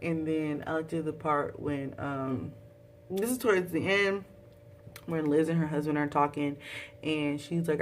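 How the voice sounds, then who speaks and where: A young woman, recapping a TV show in a casual, dramatic vlog with high exclaims. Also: steady tone, normal speed, distant mic, slight background noise. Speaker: vlogger.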